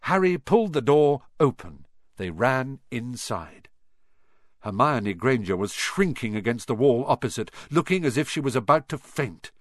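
A man reading a children's story aloud in an animated, expressive manner. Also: mid-range voice, normal speed, dry recording, studio quality. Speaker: audiobook narrator. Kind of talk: scripted storybook narration.

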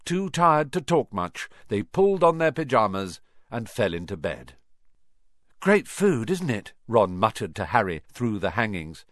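A man narrating a storybook in an expressive, animated way. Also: lowish voice, normal speed. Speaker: audiobook narrator.

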